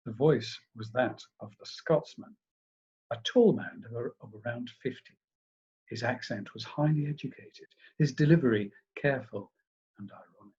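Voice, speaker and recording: A man, a professor, reading a humorous story aloud in a measured, expressive way. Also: mid-range voice, breathy edge, highs cut off.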